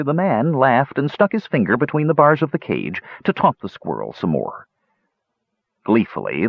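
A man narrating a fantasy audiobook in an expressive, dramatic reading. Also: on the low side, husky, no room sound. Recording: dull lo-fi recording.

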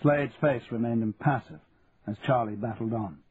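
Brief: male audiobook narrator, steady and measured, phone-thin sound. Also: medium pitch. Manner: measured storytelling. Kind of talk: audiobook reading. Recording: tinny lo-fi radio recording, faint hiss.

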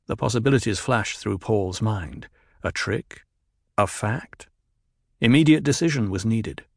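A man narrating a novel in a calm, measured voice. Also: fairly low pitch, creaky, no echo, clean studio sound. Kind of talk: audiobook narration.

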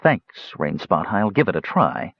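A man's voice: deep voice, sing-song, measured pace, breathy edge, dry recording, dull audio, exaggerated voice. A man voicing a tough, short-tempered young woman warrior who speaks curtly. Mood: blunt. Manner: curt, snappish.

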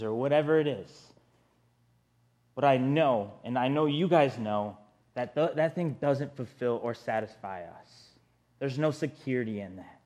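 A man's voice: mid-range voice, a little mellow. A man preaching a sermon in an earnest, conversational way, often speaking straight to his listeners.

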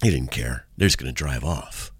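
A man's voice: rumbling low, expressive, moderate pace, husky, dry recording, studio quality. A man hosting a radio talk as a street evangelist, preaching in a fervent, repetitive, emphatic way.

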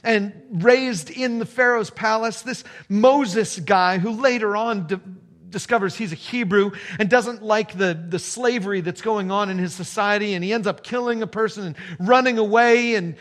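A man's voice: sits high, moderate pace, few pauses, a bit bright. A man preaching a sermon as a pastor, telling the story with repeated phrases and building emphasis. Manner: storytelling with rising emphasis and repetition.

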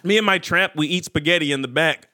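Bright-voiced man joking on a podcast. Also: fairly high pitch, fast talker, no room sound, studio quality. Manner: joking, rambling, stammers on restarts. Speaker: podcast host. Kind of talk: casual podcast banter. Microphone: studio microphone.

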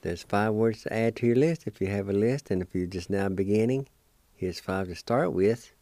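A man with a very low, dark voice teaches vocabulary at an unhurried pace. He spells each word, then repeats it several times with patient encouragement. The sound is dry and close. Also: no room sound. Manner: slow, patient, spells words out and repeats them. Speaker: language teacher and radio host. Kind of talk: radio language lesson.

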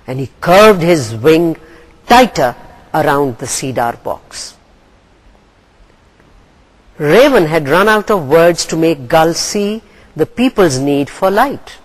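A woman from Pakistan, an English lecturer reading a story aloud and then going over comprehension questions in a deliberate, expressive way. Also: deep voice, poor audio.

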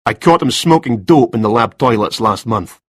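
A man's voice: medium pitch, animated, moderate pace, fairly bright tone, dry recording, studio quality. A man reading a story, voicing a stern male police detective with firm, clipped lines, a little raised from his usual tone.

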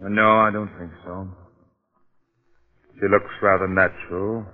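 A probing police detective. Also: male voice, lowish voice, level tone. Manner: measured, probing questions. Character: shrewd male police detective, polite but probing. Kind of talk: 1940s radio acting. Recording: tinny old radio broadcast.

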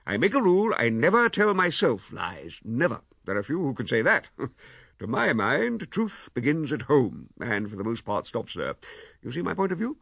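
Man playing a pompous, waggish older gentleman. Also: medium pitch, wildly swooping pitch, moderate pace, vocal fry, slightly rough, no room sound, studio quality, voice pushed up, full character voice. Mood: lecturing. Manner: genial, lecturing, self-satisfied. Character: waggish, pompous middle-aged stepfather.

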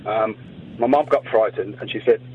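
A man calling in to a radio phone-in, telling a story in a deadpan way. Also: fairly low pitch, normal speed, slightly rough. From West Midlands. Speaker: caller. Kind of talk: phone-in prank call. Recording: dull phone line with faint noise.

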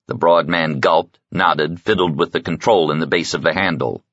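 A man with a low, husky voice reads an audiobook in a steady, measured way. His tone is bright, and the recording is dry and somewhat dull. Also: no room sound. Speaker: audiobook narrator. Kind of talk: scripted narration.

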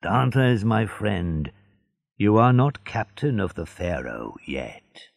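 A man voicing a sly, jealous seaman in a storybook reading, often muttering low. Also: big pitch swings, slow, gravelly, full character voice. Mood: scheming. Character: scheming jealous male seaman.

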